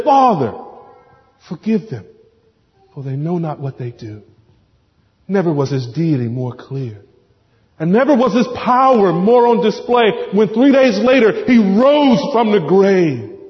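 Fervent preacher man in reverberant hall. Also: sits high. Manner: impassioned preaching, swelling then dropping to hushed pleading. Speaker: pastor. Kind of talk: sermon. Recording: dull sound with long hall reverb.

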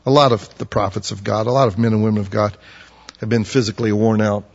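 A man's voice: fairly low pitch, steady tone, fast, vocal fry. Man preaching in a reverberant hall. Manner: acts out quoted prophets in loud, pleading bursts. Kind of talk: sermon. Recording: muffled audio with long hall reverb.

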